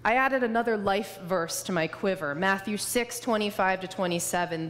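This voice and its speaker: A woman's voice: mid-range voice, moderate pace, hardly any pauses. A woman preaching as a guest speaker, telling humorous personal stories. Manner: warm storytelling, humorous. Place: church sanctuary. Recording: reverberant church hall.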